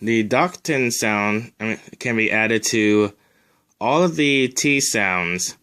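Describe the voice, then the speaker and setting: A man's voice: fairly low pitch, takes it slowly, pushed and bright, clean tone. A man teaching a recorded language lesson, drilling sounds one at a time and adding casual asides.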